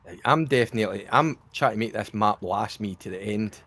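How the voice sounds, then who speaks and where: A man's voice: on the low side, fairly quick, fairly bright tone. A middle-aged Scottish man chatting casually while streaming a game, swearing freely and laughing often. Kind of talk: casual gaming chat.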